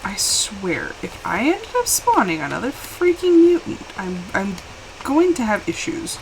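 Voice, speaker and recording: A woman chatting casually while live-streaming a game, rambling and quick to laugh, switching between hushed asides and excited bursts. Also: mid-range voice, vocal fry, background noise.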